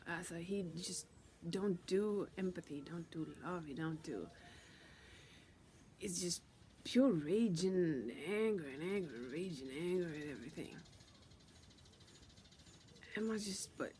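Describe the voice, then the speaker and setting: A woman's voice: on the low side, animated, a little slow, a little mellow, slight background noise. A woman vlogger telling a personal spiritual story, intense and profane, often dropping into a whisper and repeating herself. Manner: many restarts and repeated words.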